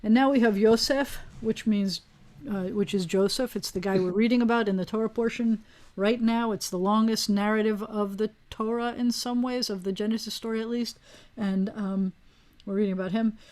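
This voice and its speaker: A woman's voice: medium pitch, a little mellow. Woman rabbi teaching a hebrew class on a video call, chatty, wanders off topic, lots of ums. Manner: chatty, digressive, with frequent fillers. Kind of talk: casual online class teaching.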